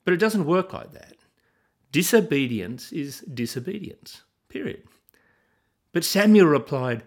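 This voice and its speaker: A man's voice: a little high, big pitch swings, a little slow. A man teaching from the Bible in a sermon style, earnest and asking his listeners questions.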